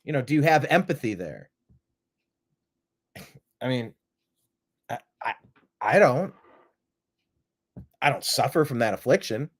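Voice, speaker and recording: A man's voice: mid-range voice, big pitch swings, slow pace, pauses often. A man hosting a live-streamed talk show, rambling through opinionated commentary and throwing out rhetorical questions. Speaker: host.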